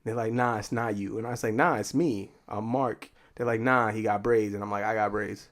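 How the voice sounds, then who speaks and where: A man's voice: fairly low pitch, steady tone, a little fast, a bit bright. A young man from Boston co-hosting a podcast in casual banter, laid-back, swearing, laughing often. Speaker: podcast co-host.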